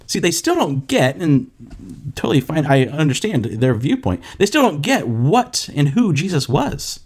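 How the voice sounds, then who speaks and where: A young man preaching a casual sermon. He tells a story and acts out the quoted voices with animated energy. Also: fairly high pitch, moderate pace. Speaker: pastor.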